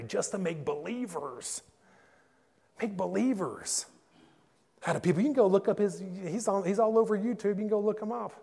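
A man, a pastor, preaching a passionate sermon and telling stories that build to loud peaks. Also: on the high side, vocal fry, breathy edge. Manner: passionate storytelling, rising to shouts in climaxes. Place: church. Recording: echoey church hall.

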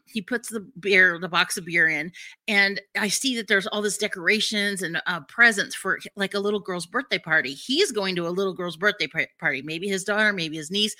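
A woman's voice: mid-range voice, no room sound. A middle-aged woman co-hosting a casual talk show, telling a story animatedly and acting out what people said. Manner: acts out quotes, bursts into shouting.

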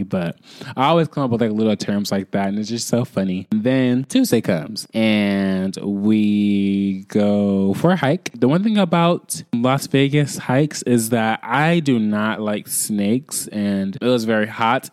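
Chatty young man, low dry voice. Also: darkish tone, no room sound. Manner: chatty and rambling, quick bursts, frequent "like" fillers. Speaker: podcast host. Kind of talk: casual storytelling monologue.

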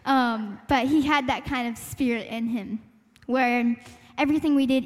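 A woman sharing a personal story at a church youth gathering, earnest and reflective, with light laughs and searching fillers. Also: high-pitched. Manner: reflective, laughs lightly, talks through her thoughts with fillers. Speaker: panel speaker sharing a testimony. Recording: echoey hall reverb.

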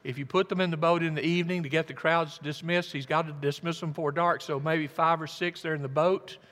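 A man preaching a sermon, telling the story dramatically and swinging from hushed tones to loud emphasis. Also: on the high side, fairly even intonation, a little fast, big-room sound. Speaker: pastor. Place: church.

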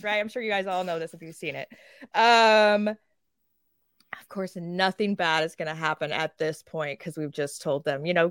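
Animated, foul-mouthed woman podcast co-host. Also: lowish voice, normal speed, no room sound, clean studio sound. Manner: animated, swears freely, acts out quoted characters. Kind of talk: casual podcast chat.

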